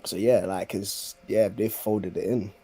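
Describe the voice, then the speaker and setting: A man's voice: lowish voice, steady tone, a little slow, warm tone, slightly rough. A man, chatting as a guest on a podcast with laid-back, slangy banter. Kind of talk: casual chat.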